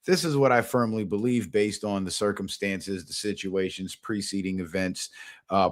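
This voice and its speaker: A man hosting a live stream, talking in a loose, rambling, chatty way with lots of fillers. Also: fairly low pitch. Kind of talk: casual live-stream commentary.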